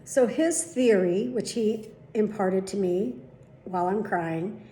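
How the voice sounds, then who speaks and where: Recorded at home with a reverberant sound, a middle-aged woman with a warm, mid-range voice speaks slowly in a casual vlog. She chats her way through a long story, swearing plenty and retelling dialogue by acting it out.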